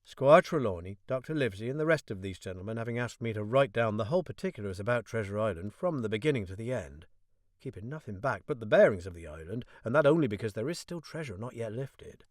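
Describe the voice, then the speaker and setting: A man's voice: medium pitch, dry recording, close to an everyday voice. Casting: a man doing a youthful Cornish boy narrator, light Cornish lilt, eager and naive, dry studio sound. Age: middle-aged. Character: earnest young Cornish lad narrating his past. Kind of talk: audiobook narration. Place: professional home studio.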